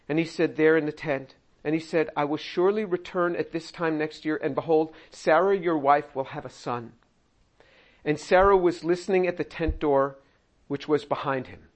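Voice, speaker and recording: A man preaching through a Bible passage, animated, laughing often and acting out the quoted lines in voices. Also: fairly high pitch. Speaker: pastor. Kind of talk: expository sermon reading and commenting on scripture.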